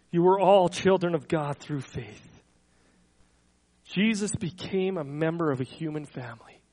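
A man's voice, on the high side and captured in a rough recording, delivers an earnest sermon as pastor. Scripture quotes come slow and swelling with soft endings. When he speaks off the text he trips and repeats himself.

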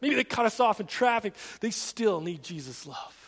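A man with a high voice delivers a sermon as a pastor, telling stories in an earnest, conversational way. He speaks inside a church sanctuary. His voice trails off into the long reverb of a big hall. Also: lively intonation, moderate pace, fairly bright tone, husky. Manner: conversational, earnest storytelling preacher.

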